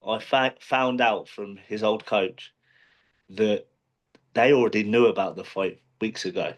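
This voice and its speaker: A professional boxer being interviewed, talking casually with many restarts and fillers. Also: male voice, fairly low pitch, measured pace, dull audio. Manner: rambling, frequent restarts and fillers.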